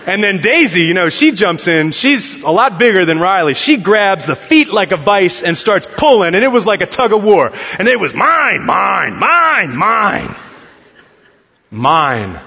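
A man's voice: high voice, animated, moderate pace, few pauses, a bit bright. A man in his thirties preaching a sermon as a pastor, earnest and conversational, prompting the congregation to answer. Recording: dull, long-reverb hall sound.

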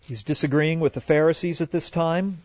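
A man teaching a Bible class in an earnest way, reading scripture aloud and often pausing on fillers. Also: on the high side, darkish tone, no room sound. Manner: earnest, with frequent fillers and restarts, quoting scripture. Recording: dry, dull lo-fi recording.

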